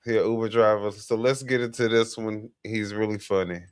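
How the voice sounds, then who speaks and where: A man's voice: lowish voice, fairly even intonation, a little fast, a little hiss or hum. A man hosting a casual talk show, chatty and laid-back, introducing topics. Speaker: podcast host. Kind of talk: casual chat.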